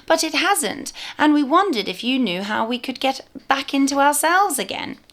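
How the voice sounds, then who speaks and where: A woman reading a storybook aloud, voicing a shy little girl doll with a high, sweet voice. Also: big pitch swings, normal speed, a bit bright. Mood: hopeful.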